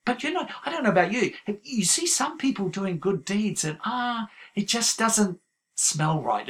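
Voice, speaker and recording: A man's voice: high-pitched, fairly bright tone. A man preaching a sermon, telling a story in a loose, conversational way with plenty of fillers.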